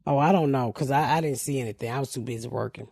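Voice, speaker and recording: A woman's voice: extremely low pitch, fast talker, breathy edge, no room sound, studio quality. A woman hosting a podcast, telling profane stories in a casual comedic chat. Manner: profane, loud storytelling with laughs. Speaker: podcast host.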